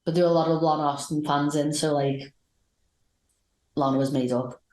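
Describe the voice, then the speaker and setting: A woman's voice: deep voice, fairly even intonation, normal speed, darkish tone. A woman co-hosting a podcast, recapping matches in a rambling, enthusiastic chat. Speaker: podcast co-host. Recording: roomy echoey sound.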